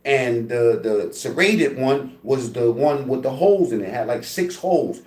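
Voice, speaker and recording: A man's voice: mid-range voice, normal speed, echoey room. A man telling a story from prison in a casual, profane way, acting out the sounds with lots of "you know what I mean". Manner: animated, profane, acts out voices and sounds, many fillers.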